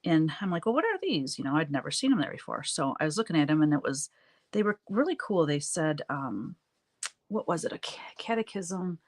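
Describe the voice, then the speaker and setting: A woman with a low, deep speaking voice chats casually with her live viewers while she paints. She tells stories in a loose, chatty way and laughs often. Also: fairly quick. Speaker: artist hosting a live stream. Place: home art studio, standing at work.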